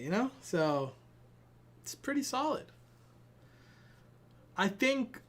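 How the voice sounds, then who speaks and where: A man's voice: high voice, fairly bright tone. A young man chatting casually to his live-stream viewers between sim races, rambling and self-deprecating, tired and sweating. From Ireland. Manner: rambling, self-deprecating, talks to chat while fiddling with gear.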